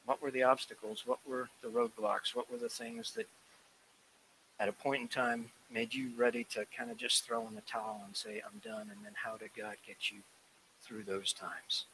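A man preaching a sermon, lively and emphatic, acting out the voices of people he quotes and rising to loud emphasis when reading scripture. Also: mid-range voice, normal speed, vocal fry, a little hiss or hum, rough recording. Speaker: pastor.

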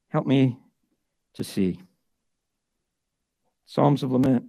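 A man's voice: on the high side, unhurried, warm tone, no echo. A middle-aged man giving a conversational sermon, acting out prayers in shifting voices. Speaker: pastor.

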